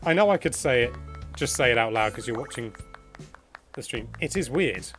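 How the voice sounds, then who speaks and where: A British man hosting a live gameplay stream, chatting in an excitable, gushing way as he tours an island. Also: medium pitch, moderate pace, faint music behind. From Britain. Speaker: livestream host.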